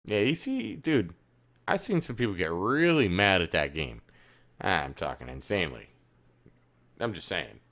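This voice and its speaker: A man co-hosting a casual gaming podcast, swearing a lot and swinging between loud outbursts and low muttering. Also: big pitch swings, measured pace, long pauses. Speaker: podcast co-host. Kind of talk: casual chat.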